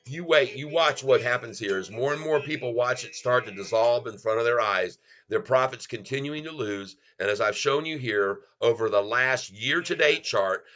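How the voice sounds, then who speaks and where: With a mid-range voice, moderate pace and bright, forceful tone, a middle-aged man hosts a stock market livestream on lo-fi sound. He calls out chart moves excitedly in exclamations, speaking to viewers as folks.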